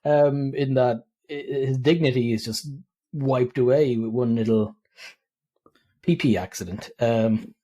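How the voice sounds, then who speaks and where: A man's voice: medium pitch, unhurried, mellow. An Irish man co-hosting a podcast, chatting about a film, laughing easily and acting out quotes. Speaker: podcast co-host. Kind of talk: casual film review chat.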